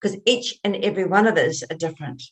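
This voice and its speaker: A woman, a writer, hosting an interview in a reflective, measured way. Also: lowish voice. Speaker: host, writer. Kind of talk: casual interview chat.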